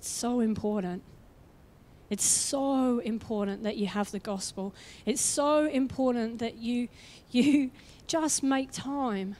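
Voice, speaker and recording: A young adult woman preaching a sermon in an energetic, conversational way, with quick asides, and she acts out the voices she quotes. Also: on the high side. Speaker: guest preacher.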